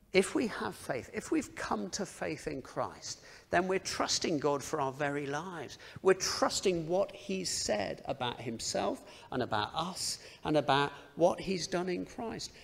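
A man's voice: sits high, creaky, husky. A man preaching a sermon in a conversational, self-deprecating way, often asking the listeners rhetorical questions. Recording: long reverb of a large hall.

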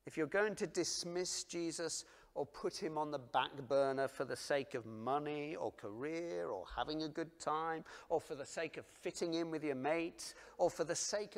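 A man delivering a sermon at an unhurried, deliberate pace. He is earnest and dramatic, sinking to hushed near-whispers and then swelling to loud emphasis, and he puts direct questions to his listeners. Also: a little high, creaky. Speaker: preacher.

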